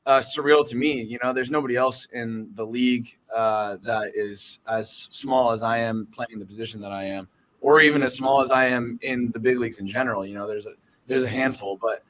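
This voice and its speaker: A man's voice: mid-range voice, fairly even intonation, brisk, a bit bright, low-quality recording. A young man from Southern California, a professional baseball catcher, answering questions earnestly in a casual podcast interview, with lots of fillers and restarts.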